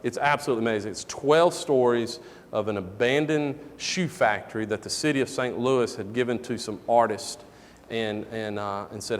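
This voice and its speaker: A middle-aged man preaching a sermon in a church, telling a personal story with animated energy and loud bursts in the quoted moments. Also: lowish voice, normal speed, long reverb tail, slight background noise. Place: church sanctuary.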